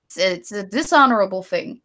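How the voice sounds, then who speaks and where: A woman's voice: medium pitch, expressive, fairly quick, sharp tone. A woman co-hosting a casual live stream, ranting with strong opinions and reading viewer donations. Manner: opinionated ranting, then giggly and apologetic. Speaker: stream co-host.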